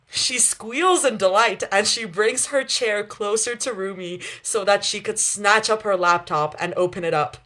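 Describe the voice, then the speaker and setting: A woman's voice: medium pitch, a bit bright. A young woman reading her fan fiction aloud on a livestream, chatty, stopping to laugh and correct herself.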